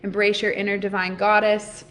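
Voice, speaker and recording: A woman's voice: mid-range voice, flat delivery, normal speed, a bit bright. A woman in her thirties hosting a live oracle card reading, talking straight to her viewers in an upbeat, encouraging way. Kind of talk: live-streamed motivational talk.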